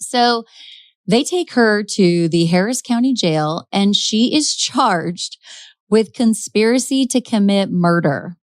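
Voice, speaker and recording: A woman's voice: mid-range voice, lively intonation, slow pace, no room sound. A woman hosting a podcast, retelling a true-crime case in a chatty, dramatic way with frequent laughs. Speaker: podcast host. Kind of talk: casual true-crime storytelling.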